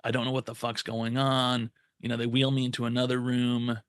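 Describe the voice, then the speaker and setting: Young male podcast co-host, mid-pitch, retells a story with lots of swearing and quoted voices, dry close sound. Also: monotone, fairly quick, a bit bright, smooth, no echo. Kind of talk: casual storytelling.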